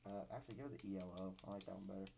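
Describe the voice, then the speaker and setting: A man's voice: deep voice, very fast, vocal fry, dark tone. A young man streaming a video game, talking casually, swearing and complaining with mock drama about his losses. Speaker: gaming streamer. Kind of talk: casual live gameplay commentary.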